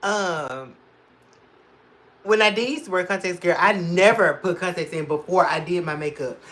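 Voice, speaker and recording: A woman's voice: lowish voice, moderate pace, fairly bright tone. A woman hosting a casual makeup livestream, chatting with viewers, answering their comments and laughing often.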